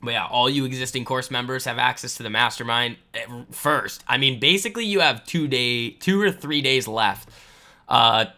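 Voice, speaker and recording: Man, bright voice, casual market-livestream chatter, boastful, lots of "like" and "I mean". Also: mid-range voice. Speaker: trading livestream host. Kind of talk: casual live market commentary, answering chat. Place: home room.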